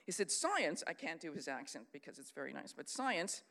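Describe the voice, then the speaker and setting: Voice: mid-range voice, sing-song, fast talker, creaky, a bit bright. Earnest lecturing Christian speaker. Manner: earnest, lecturing, reads out long quotations; unscripted, with fillers and restarts. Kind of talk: sermon-style teaching talk.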